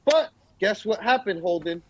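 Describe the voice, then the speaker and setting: Animated young man, podcast co-host. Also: high-pitched, normal speed, no room sound, low-quality recording. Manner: animated storytelling, acts out quotes. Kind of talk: casual chat.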